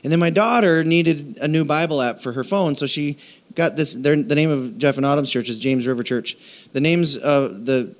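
A man preaching a sermon, telling stories and acting out quoted voices, with halting restarts between phrases. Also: a little high. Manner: storytelling with animated quoted voices. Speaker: pastor.

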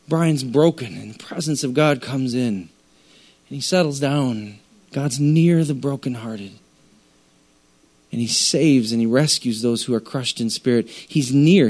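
A man's voice: fairly high pitch, darkish tone. A male preacher giving a sermon in an emphatic, repetitive, conversational way.

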